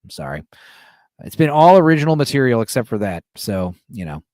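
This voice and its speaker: Lively, profane American man chatting. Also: mid-range voice, fairly quick, dry recording, studio quality. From United States. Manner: profane, rambling, animated; reads and answers chat messages. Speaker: podcast host. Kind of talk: casual livestream chat.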